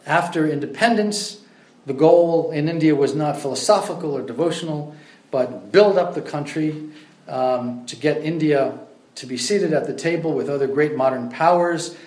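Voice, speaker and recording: Conversational man lecturing in a roomy space. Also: fairly high pitch. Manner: conversational, many fillers, storytelling. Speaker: religious lecturer. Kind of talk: lecture on scripture. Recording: roomy echo.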